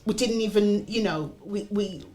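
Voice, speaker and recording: A middle-aged woman from Britain, a comedian guest chatting casually and lively, acting out quoted voices as she tells stories. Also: medium pitch, normal speed, soft background music. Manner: animated storyteller who acts out quoted voices. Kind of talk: casual chat.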